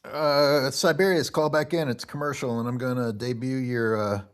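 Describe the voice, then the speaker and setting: A man's voice: mid-range voice, fairly even intonation, normal speed, clean tone. A man co-hosting a live basketball reaction stream, blunt and opinionated, swearing casually. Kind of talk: casual sports talk.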